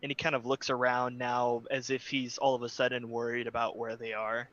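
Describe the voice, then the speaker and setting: A man playing a tabletop game over a call, describing his character's actions in a measured way with many fillers. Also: mid-range voice, completely flat delivery, fairly bright tone, muffled recording. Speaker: player. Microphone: online voice call.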